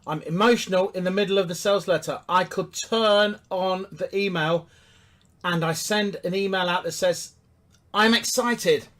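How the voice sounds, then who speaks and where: A man's voice: high-pitched, a bit bright. A man giving a business coaching talk, emphatic and repetitive, asking rhetorical questions and hammering his points.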